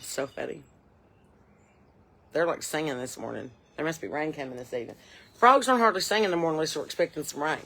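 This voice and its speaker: A woman's voice: deep voice, fairly quick, long pauses, a bit bright. A woman in her forties playing a chatty, folksy mom, rambling on her porch with a drawl. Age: 40s. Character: chatty middle-aged Southern porch mom, nosy and folksy. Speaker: comedy character host. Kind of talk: improvised character monologue. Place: on a porch outdoors.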